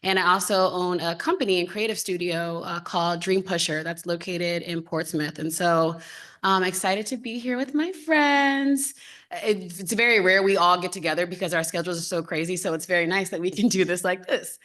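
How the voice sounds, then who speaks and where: Thirties female panelist, slightly low pitch, candid and open delivery. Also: normal speed, fairly bright tone. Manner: open, heartfelt, conversational. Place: symposium panel.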